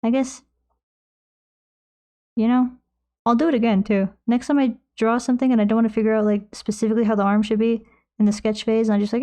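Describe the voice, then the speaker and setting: Mellow-voiced young woman rambling on stream. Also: fairly high pitch, flat delivery, a little fast, pauses often. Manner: rambling, self-mocking, reads chat aloud. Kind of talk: casual chat while painting. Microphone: desk microphone close by.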